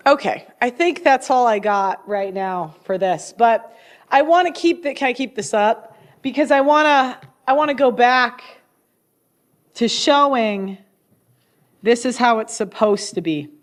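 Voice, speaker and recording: Blunt high-voiced woman commentator. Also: a little slow. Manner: blunt, laughs often, restarts sentences. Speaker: host. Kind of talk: opinionated casual commentary.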